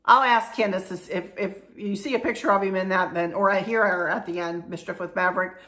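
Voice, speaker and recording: Brisk and steady in tone, her medium-pitched voice comes across fairly bright. The middle-aged woman is a vlogger chatting casually to camera, and her talk to viewers is emotional, rambling, and full of restarts.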